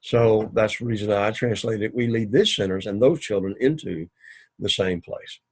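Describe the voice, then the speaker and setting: A man teaching an introductory Greek class in a recorded lecture, speaking methodically, repeating and rephrasing each point, and sometimes pausing to clear his throat. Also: fairly low pitch.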